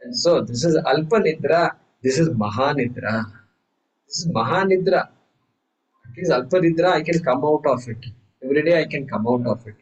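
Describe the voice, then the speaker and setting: A man teaches a class in a lively, questioning way. His voice sits fairly high for a man. He often slips into acting out the people in his examples. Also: moderate pace, highs cut off. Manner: animated, acts out quoted voices, rhetorical questions. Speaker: Vedanta teacher. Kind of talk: class lecture.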